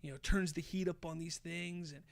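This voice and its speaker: A man hosting a podcast, casually retelling a show's plot with lively, swear-laden storytelling. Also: a little high, brisk, vocal fry. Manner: animated storyteller, swears freely, acts out quotes. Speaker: podcast host.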